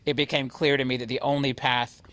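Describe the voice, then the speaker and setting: A man leading a company, giving an energetic, emphatic motivational talk to his agents. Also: medium pitch, brisk, dry recording. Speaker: real estate brokerage CEO.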